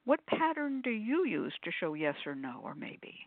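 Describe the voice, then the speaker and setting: A woman's voice: sing-song, normal speed, no room sound. An older woman hosting a call-in show, explaining things in a chatty, demonstrating way with plenty of ums, now and then putting on quoted voices. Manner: acts out quoted voices with sudden pitch jumps. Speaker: host of call-in spiritual show. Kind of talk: casual panel discussion. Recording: phone-like narrow audio, dry.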